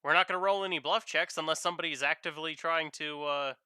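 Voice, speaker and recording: Young male streamer, bright crisp voice, dry close sound, playful rambling chat. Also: on the high side, fairly even intonation, fast talker, no room sound. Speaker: streaming artist. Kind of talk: casual chat while drawing.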